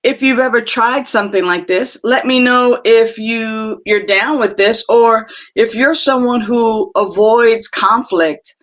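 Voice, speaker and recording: A woman hosting a live spiritual talk show, speaking gently and reflectively with many fillers and restarts as she answers chat comments. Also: on the high side, measured pace, few pauses.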